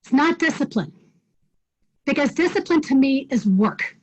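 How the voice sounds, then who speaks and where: High-voiced woman coaching over video call. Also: lively intonation, moderate pace. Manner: direct, challenging, frequent "okay?" check-ins. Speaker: wellness coach teaching a class. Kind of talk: live online class talk. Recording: dull lo-fi video call audio.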